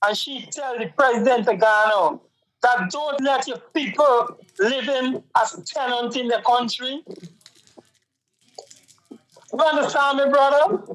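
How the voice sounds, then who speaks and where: An impassioned male co-host. He presses his points again and again in an earnest, fairly high voice, returning to the same phrase over and over. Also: a little slow, pauses often, a bit bright, poor audio. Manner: earnest, keeps repeating "my brother". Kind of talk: impassioned talk-show commentary.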